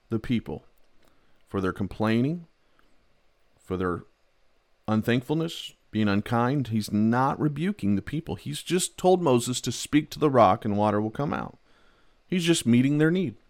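A man preaching a sermon, animated, swinging from loud outbursts to quiet, low passages. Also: no room sound, studio quality. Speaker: pastor.

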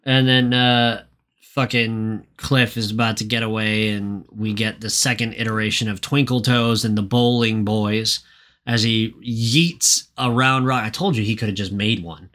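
Bright-voiced, swearing male co-host. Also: fairly low pitch, steady tone, a little slow. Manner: profane, rambling recap with voiced impressions. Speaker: podcast co-host. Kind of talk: casual chat.

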